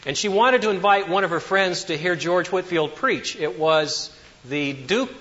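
A man preaching a sermon as pastor, swinging between loud emphatic declarations and hushed asides. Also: high-pitched, normal speed. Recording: dull lo-fi sound with long hall reverb.

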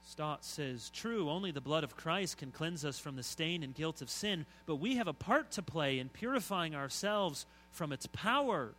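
A middle-aged man preaching a sermon, telling stories and swinging from soft asides to loud emphasis. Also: fairly high pitch, animated, normal speed, few pauses, low-quality recording. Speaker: pastor.

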